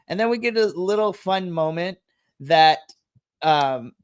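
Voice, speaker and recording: Gushing higher-voiced man recapping wrestling. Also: animated, measured pace, smooth, dry recording. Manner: gushing, enthusiastic storyteller. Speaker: wrestling podcast co-host. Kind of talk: casual recap chat.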